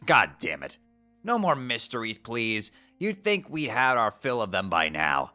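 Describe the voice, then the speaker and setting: A man voicing an angry young male troll who rants loudly and sounds exasperated. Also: lowish voice, wildly swooping pitch, unhurried, soft background music, exaggerated voice. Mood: ranting. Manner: ranting, loud and exasperated.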